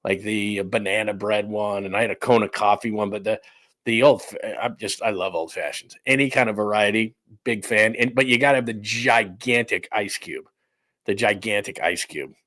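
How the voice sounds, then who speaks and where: A man's voice: lowish voice, normal speed, a bit bright, no room sound, clean studio sound. A middle-aged man hosting a sports podcast from home, chatting casually in a loose, rambling way, a little out of breath. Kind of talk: casual live-stream chat. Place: room at home under renovation.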